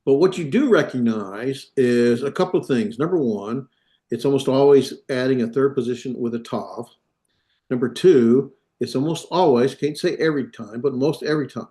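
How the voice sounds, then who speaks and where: Male instructor, mid pitch, halting delivery full of fillers, classroom lecture. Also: a little mellow. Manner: halting, many fillers and self-corrections.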